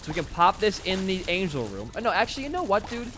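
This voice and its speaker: A young man casually commentating his own gameplay, excitable and swearing freely as he talks at the game. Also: high voice, quick pace, a little hiss or hum. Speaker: gaming channel host.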